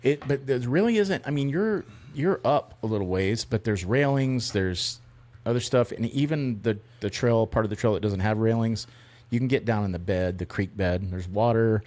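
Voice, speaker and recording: Low-voiced man, relaxed chat. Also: normal speed. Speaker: podcast co-host. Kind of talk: casual chat.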